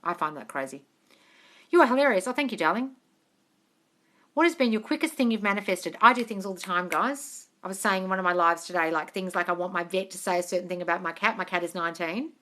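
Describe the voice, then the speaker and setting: Young woman, bright voice, casual live-stream Q&A, phone mic, frank and chatty, swears, calls everyone darling. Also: fairly low pitch, quick pace. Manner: reads viewer comments aloud and answers them. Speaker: manifestation coach answering live questions. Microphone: phone at arm's length.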